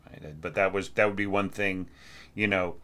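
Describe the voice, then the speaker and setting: Speaking at a normal speed in a low voice, an orchestration teacher gives a casual assessment of a student's score. He reasons out loud and hums musical phrases using nonsense syllables.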